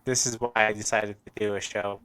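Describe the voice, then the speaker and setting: A man's voice: fairly low pitch, level tone, a little fast, a bit bright, clear, resonant tone. A man from Colorado hosting a casual live-streamed chat show, upbeat and chatty, laughing often. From Colorado, United States. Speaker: host.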